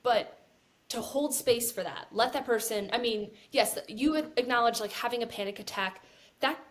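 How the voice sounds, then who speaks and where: A woman's voice: fairly high pitch, normal speed, a bit bright. A woman co-hosting a casual podcast conversation, earnest and talking in restarts with lots of "like". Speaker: podcast co-host.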